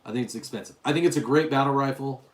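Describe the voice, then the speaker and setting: A man's voice: mid-range voice, fast. Chatty middle-aged man hosting a livestream. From Utah, US. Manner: chatty, reads viewer names aloud. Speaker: livestream host. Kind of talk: casual livestream chat.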